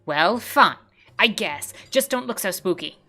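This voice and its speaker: A woman puts on a jittery, cranky little king who has not slept in weeks, blurting everything loud and nervous with a lively, swooping pitch. He is read aloud from a video game during a relaxed stream, with faint music playing under the voice. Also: a little slow, full character voice. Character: cranky sleepless self-declared island king, male.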